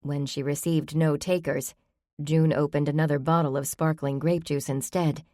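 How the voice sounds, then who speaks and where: A woman's voice: sits low, flat delivery, moderate pace, mellow, dry recording, clean studio sound. A woman narrating a cozy mystery novel with a light, wry delivery. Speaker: audiobook narrator. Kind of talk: scripted narration.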